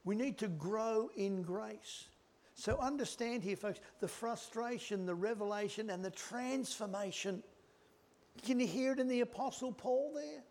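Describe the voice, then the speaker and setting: A middle-aged male preacher giving a sermon, swinging from loud emphatic lines to hushed whispered words. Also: high voice, a little slow.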